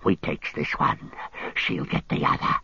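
A man's voice: unhurried, bright, forceful tone, no room sound. A man voicing a treacherous, wretched male creature in a hissing, half-whispered voice, sneering and wheedling, in a dull lo-fi recording. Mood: hissing, gloating. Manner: sneering and wheedling, talks of himself in third person.

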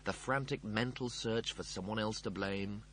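A man reading a comic novel aloud as narrator, in a wry and expressive storytelling manner. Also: on the low side, moderate pace, slight background noise. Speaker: audiobook narrator. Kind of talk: scripted narration.

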